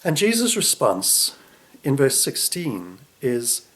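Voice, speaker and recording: A man delivering a reflective sermon, unhurried, often dropping soft and low at the ends of phrases. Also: lively intonation. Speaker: preacher.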